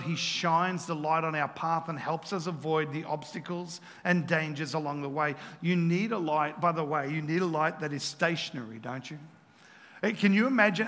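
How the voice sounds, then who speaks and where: A man with a high, bright voice preaches a sermon to his church. He keeps turning to his listeners with questions and swings from loud, emphatic passages down to hushed ones. His voice carries a long reverb from the large hall. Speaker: pastor.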